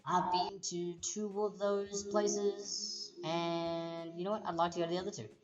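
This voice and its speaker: A woman's voice: lowish voice, level tone, a little slow. A woman hosting a live trivia stream, reading out multiple-choice questions twice and wandering into chatty, rambling asides. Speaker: trivia quiz host. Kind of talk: casual livestream chat reading quiz questions. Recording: lo-fi stream audio with background music.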